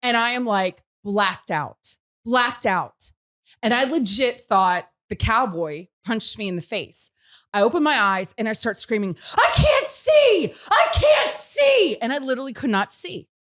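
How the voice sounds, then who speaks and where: Female host, high and very animated, lively storyteller, laughs a lot. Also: moderate pace. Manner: lively, laughing, shouts quoted lines. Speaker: show host. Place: radio studio.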